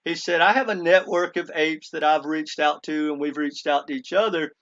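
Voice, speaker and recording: A man's voice: on the high side, fairly even intonation, moderate pace, a bit bright, highs cut off. A man talking casually to his viewers, retelling a story in earnest and quoting a speaker with many "he goes" asides. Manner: earnest, keeps addressing viewers as "guys". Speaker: crypto commentator. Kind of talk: casual monologue.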